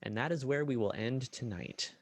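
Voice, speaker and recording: A man narrating a tabletop role-playing game as game master, in a lively way with frequent fillers and restarts. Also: medium pitch, normal speed, no echo.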